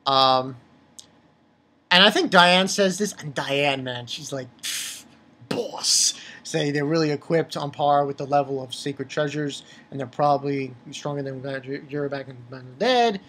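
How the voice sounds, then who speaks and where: Low, husky woman reviewer venting heatedly and swearing freely about a comic. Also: moderate pace, fairly bright tone. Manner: exasperated, profane, heated outbursts. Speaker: manga reviewer. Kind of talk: casual ranting review.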